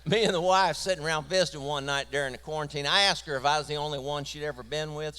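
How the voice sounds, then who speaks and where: A middle-aged man with a Southern US accent, telling stand-up jokes in a folksy way and landing his punchlines deadpan. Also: on the high side, fast, few pauses, a little hiss or hum. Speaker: comedian.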